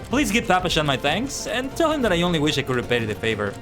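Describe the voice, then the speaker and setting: A man putting on a high, jumpy sentry guard. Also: huge pitch swings, quick pace, over music. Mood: flustered. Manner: stiff, barking commands. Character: jumpy, overly formal male sentry guard.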